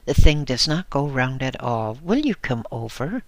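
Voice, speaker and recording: A man voicing a fussy, indignant middle-aged woman customer with a tart, sharp tongue. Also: medium pitch, big pitch swings, normal speed, no room sound.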